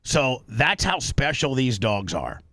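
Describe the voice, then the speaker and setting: A man hosts a casual talk show and recounts a story with many restarts and repeated words. His voice sits at an ordinary middle pitch, and the studio sound is close and dry, with little room echo. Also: big pitch swings, slow pace, sharp tone. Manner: retelling a news story with frequent repeats and restarts. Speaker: radio show host.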